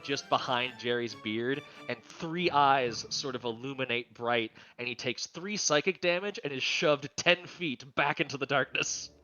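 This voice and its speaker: A man's voice: on the high side, sharp tone. A man playing a tabletop game, joking around in a playful way. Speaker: player. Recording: dull lo-fi mic with faint music.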